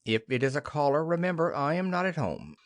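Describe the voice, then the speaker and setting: A man's voice: a little high, sing-song, a little fast, no room sound, studio quality. A man voicing an indulgent, teasing husband in an audiobook play reading. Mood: fond. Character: husband Helmer, fond, teasing, patronizing.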